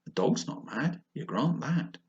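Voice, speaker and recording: Sly grinning storybook cat, a man doing it, slow and whispery, swoops up and down, muffled lo-fi sound. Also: on the high side, lively intonation, a little mellow, voice pushed up. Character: grinning sly talking cat, teasing and mysterious.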